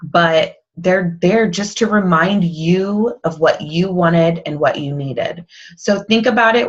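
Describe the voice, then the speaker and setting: Candid coach woman, low and muffled. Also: animated, slow pace. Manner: candid, motivational, self-deprecating. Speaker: fitness coach. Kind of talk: casual team call.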